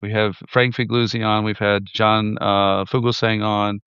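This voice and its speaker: A man's voice: lowish voice, flat delivery, a little slow, a bit bright, clear, resonant tone, dry recording, lo-fi sound. A man hosting a casual interview show, talking loosely and swearing now and then. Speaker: show host. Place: in Ukraine.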